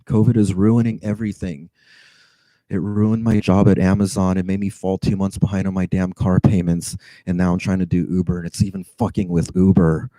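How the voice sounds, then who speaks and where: A man's voice: deep voice, little pitch movement, a little fast, dark tone, dry recording, poor audio. A man who drives for a rideshare service, telling a story to camera in an agitated, stammering way, sighing and swearing, on edge.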